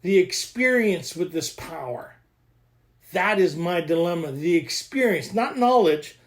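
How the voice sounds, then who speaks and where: A man leading a recovery workshop, joking, excitable and laughing often as he explains the reading. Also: high voice, measured pace. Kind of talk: animated teaching talk.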